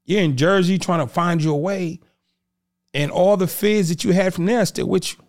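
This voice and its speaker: A man's voice: high-pitched, normal speed. A man from the Boston area in casual conversation as a podcast guest, telling stories and acting out what others said. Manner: animated, acts out quotes of others.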